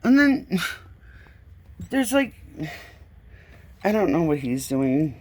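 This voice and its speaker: A woman's voice: sits low, sing-song, slow pace, a little mellow. A woman filming a walkthrough of a home closet on her phone, pointing things out in an exasperated voice and swearing now and then. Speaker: homeowner filming a complaint video. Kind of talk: casual walkthrough narration. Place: indoors, small closet in a home.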